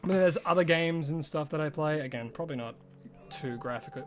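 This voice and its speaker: A male streamer chatting casually on a live stream, rambling and loose, full of "like" and restarts, with soft game music behind him. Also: on the high side, fairly even intonation, a little fast.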